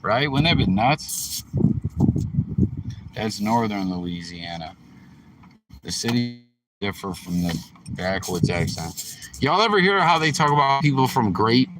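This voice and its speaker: A man's voice: lowish voice, lively intonation, unhurried, long pauses. A man hosting a show, giving rambling, profane reaction commentary and talking straight to his viewers. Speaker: host.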